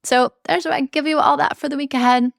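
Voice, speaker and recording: A woman's voice: high-pitched, fairly even intonation, quick pace, creaky, no echo, clean studio sound. A woman hosting a tarot podcast, talking in an earnest, chatty way with slangy asides. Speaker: podcast host reading tarot. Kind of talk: casual spiritual monologue.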